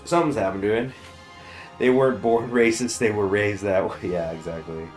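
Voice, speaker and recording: A man's voice: fairly low pitch, moderate pace, soft background music. A man streaming a strategy game, chatting casually with rambling asides and frequent chuckles.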